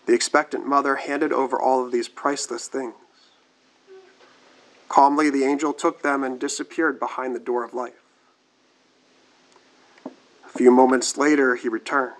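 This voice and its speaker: A male priest reading scripture and giving a sermon in a measured, formal liturgical manner. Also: medium pitch, fairly bright tone, low-quality recording.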